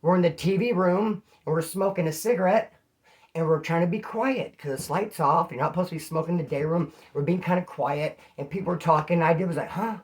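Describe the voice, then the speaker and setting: A man from California with a slightly hoarse voice, casually telling rambling stories to his channel's viewers. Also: on the high side, fairly quick. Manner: slangy, rambling, calls listeners homeboy. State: throat issue, slightly hoarse. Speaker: vlogger. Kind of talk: casual storytelling to camera.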